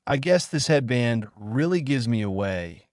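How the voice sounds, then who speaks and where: A man voicing a calm, guarded teenage boy ninja who speaks nonchalantly in a fan fiction reading. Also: mid-range voice, measured pace, no room sound, clean studio sound, voice pushed up, lightly acted.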